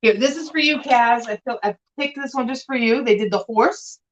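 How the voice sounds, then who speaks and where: A woman's voice: a little high, moderate pace, slight background noise, poor audio. A woman co-hosting a casual live sale stream, chatting animatedly as she shows items. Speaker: vintage glass seller and co-host.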